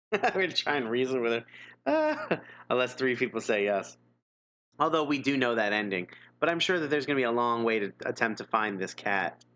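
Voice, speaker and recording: A man's voice: mid-range voice, big pitch swings, moderate pace, bright, forceful tone, muffled recording. A man streaming live, reading an interactive gamebook aloud and chatting casually, wry and self-mocking with frequent chuckles.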